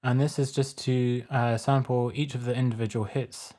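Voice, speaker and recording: A man casually talking through a music production tutorial step by step in a relaxed, plain way. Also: medium pitch, normal speed. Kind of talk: casual screen-recorded tutorial.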